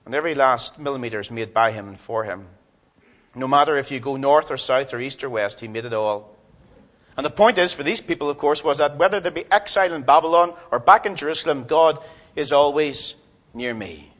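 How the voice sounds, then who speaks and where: A man preaching a sermon in a church, swinging from loud emphatic lines to soft, low ones. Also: animated, brisk.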